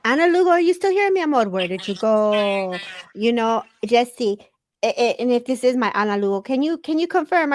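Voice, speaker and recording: A woman hosting a live show and giving an intuitive reading, effusive and emotional, speaking in quick bursts. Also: medium pitch, no echo, clean studio sound. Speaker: psychic reader and live show host.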